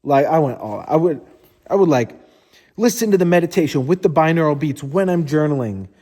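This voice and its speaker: A man's voice: on the high side, expressive, fairly quick, mellow. Candid swearing man in an echoey hall. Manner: candid and informal, swears often, heavy use of "like". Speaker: motivational speaker. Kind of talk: casual motivational storytelling.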